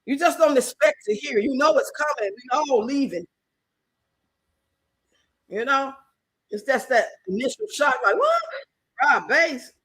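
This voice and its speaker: A woman from Chicago with a Chicago accent, hosting a livestream and answering her chat in an animated, outspoken way. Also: sits high, normal speed, long pauses, slightly rough, no echo, poor audio. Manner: animated, outspoken, emphatic, talks back to the chat. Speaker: livestream host. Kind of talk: livestream chat reacting to comments.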